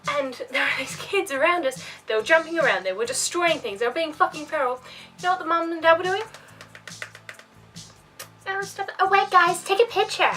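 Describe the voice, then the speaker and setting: A high-pitched young woman in her twenties rants to her camera at home, swearing freely and slipping into mocking asides. She sits a little way from the mic, and soft music plays faintly behind her. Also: recorded from a distance, low-quality recording. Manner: animated and profane, ranting with mocking asides. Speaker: vlogger. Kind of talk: casual ranting vlog. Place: home room by a bookcase.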